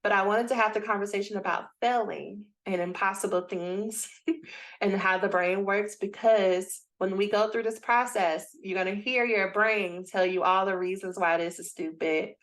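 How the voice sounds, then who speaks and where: A woman's voice: mid-range voice, normal speed. A woman leading a live coaching session for doctoral students. She speaks bluntly and with energy, addressing the group directly over a video call. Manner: lively, blunt, talks straight to the group. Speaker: dissertation coach.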